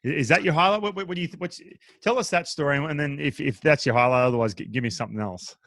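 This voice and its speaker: An Australian man in his thirties hosting a casual podcast interview, talking quickly with many restarts. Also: on the high side, dry recording. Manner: quick, animated, trips over restarts. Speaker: podcast host.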